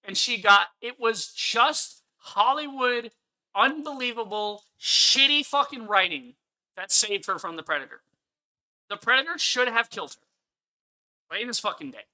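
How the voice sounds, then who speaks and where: A man's voice: extremely high pitch, animated, a little slow, sharp tone. Angry profane man ranting on a stream. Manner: emphatic, repeats himself. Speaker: streamer reviewing a film. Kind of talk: live-stream movie review rant.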